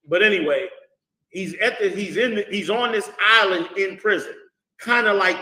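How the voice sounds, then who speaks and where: A man's voice: a little high, sharp tone. A man teaching scripture in a casual, emphatic way and calling on students to read and answer. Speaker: Bible study teacher. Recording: roomy echo.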